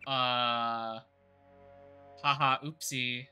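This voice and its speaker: A man's voice: mid-range voice, fairly even intonation, very slow, pushed and bright, muffled recording, soft background music. A young man streaming a game live, rambling casually to himself and swearing when things go wrong. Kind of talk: casual live gameplay commentary.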